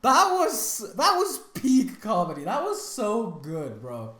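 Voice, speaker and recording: A woman's voice: fairly high pitch, huge pitch swings, takes it slowly, fairly bright tone. A woman hosting a reaction video, talking in casual, exasperated commentary with lots of restarts and slang. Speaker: reaction channel host. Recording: roomy echo.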